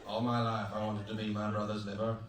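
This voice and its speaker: A man performing a stand-up comedy set on stage, telling stories deadpan with sudden high-pitched acted quotes. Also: fairly quick, crowd noise, background noise. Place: comedy show in a hotel venue. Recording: roomy live room, mic at a distance. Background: audience laughter.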